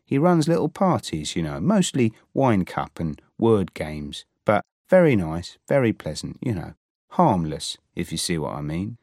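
A man's voice: low-pitched, sing-song, measured pace, darkish tone, dry recording, clean studio sound, full character voice. A polite young newlywed man, read by a male narrator.

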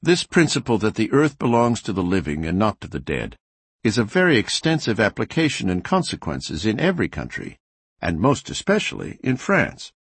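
Husky-voiced male history narrator. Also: lowish voice, no room sound. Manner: measured, expressive reading with varied emphasis. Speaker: audiobook narrator. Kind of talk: scripted nonfiction narration.

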